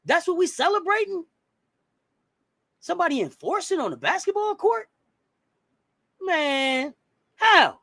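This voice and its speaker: A man's voice: very high-pitched, very animated, a little slow, long pauses, a bit bright, no room sound, clean studio sound. A man in a heated sports talk rant, blunt and profane, firing off rhetorical questions. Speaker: sports commentator.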